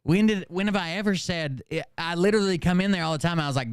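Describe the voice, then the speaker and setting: A man's voice: a little high, a little fast, clear, resonant tone, no echo, studio quality. A man hosting his channel, ranting casually with lots of swearing and rambling restarts. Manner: profane, rambling, exasperated. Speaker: channel host. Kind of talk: casual livestream rant.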